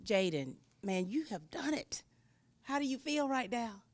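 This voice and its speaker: A woman opens a local TV interview in a friendly, eager way. Her voice sits a little high. She speaks like a practiced community broadcaster. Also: very animated, a little slow. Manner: friendly, enthusiastic host patter. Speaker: TV show host.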